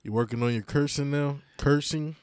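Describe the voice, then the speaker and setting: A man's voice: a little high, normal speed, darkish tone, smooth, dry recording, clean studio sound. A man co-hosting a casual podcast, talking in a laid-back, slangy way with lots of cursing and easy laughs. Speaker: podcast co-host. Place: indoor home studio.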